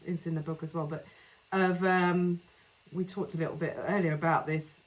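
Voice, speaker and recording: A woman's voice: fairly low pitch, steady tone, moderate pace. A woman co-hosting a podcast, chatting about a film with enthusiasm, frequent laughs and lots of ums and uhs. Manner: enthusiastic, giggly, lots of fillers. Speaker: podcast co-host. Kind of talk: casual film discussion.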